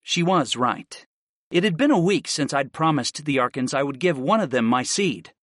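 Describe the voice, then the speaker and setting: A man narrating a fantasy audiobook in the first person, with a steady, expressive delivery. His voice sits a little high for a man and moves lively up and down. The sound is dry and close. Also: dry recording.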